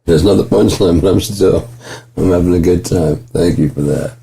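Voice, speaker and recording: A man talking in a gentle, rambling monologue, swearing freely and chuckling often. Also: sits low, moderate pace, vocal fry, husky. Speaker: vlogger.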